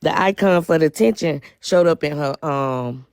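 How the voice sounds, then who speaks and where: A woman joining a live stream to pass on news, speaking haltingly with many fillers. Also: low-pitched, a little mellow, slight background noise. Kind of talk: casual live-stream chat.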